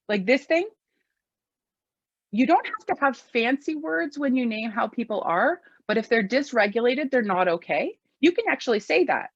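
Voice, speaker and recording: A woman's voice: fairly high pitch, lively intonation, normal speed, breathy edge, no room sound, lo-fi sound. A middle-aged woman talking casually about parenting, full of fillers and acting out the phrases she quotes. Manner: chatty, lots of "like" and fillers, acts out quoted phrases. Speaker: parenting speaker. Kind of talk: casual talk.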